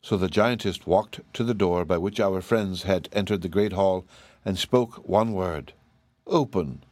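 Low-voiced man reading a storybook. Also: fairly even intonation, unhurried, a little mellow, dry recording. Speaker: audiobook reader. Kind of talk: storybook narration.

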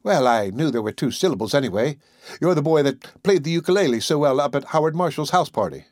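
A poised young society belle at a dance speaks in a lightly gentle, polished way. Her voice sits high and lilts freely, as a man reading the story puts her on. The sound is close and dry. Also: lively intonation, fast talker, no room sound, close to an everyday voice. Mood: bright.

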